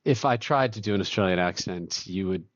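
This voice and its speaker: Deep-voiced man, dry muffled sound. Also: fairly quick, no echo. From Boston, USA. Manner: relaxed storytelling, occasional self-laughs. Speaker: guest, company co-founder and CEO. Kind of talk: conversational interview.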